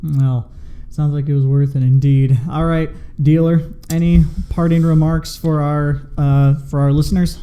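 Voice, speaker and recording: Man, podcast host, casual interview, joking, dark mellow voice, slightly higher pitch. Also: little pitch movement, unhurried.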